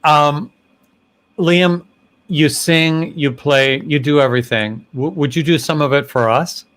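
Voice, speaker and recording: A man's voice: fairly high pitch, a bit bright. A man hosts a casual chat over a video call, taking his time and stretching out his words. He is chatty and breaks into laughter easily. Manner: chatty, laughing, slow and drawn out. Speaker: host.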